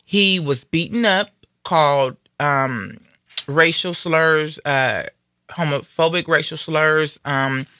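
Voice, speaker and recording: A woman's voice: low-pitched, takes it slowly, sharp tone, dry recording, clean studio sound. A Black American woman hosting a live stream, speaking out in anger with fierce emphasis in casual, heated talk. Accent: African American. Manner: angry, fiery, emphatic.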